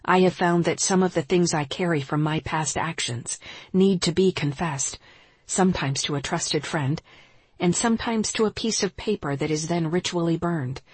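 A woman who teaches yoga, reading her spiritual nonfiction aloud in a calm, measured, reflective way. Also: fairly low pitch, husky, no echo.

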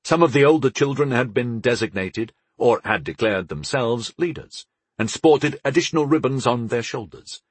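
A man narrating a fantasy audiobook in the first person, expressive and storytelling. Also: mid-range voice, moderate pace, breathy edge.

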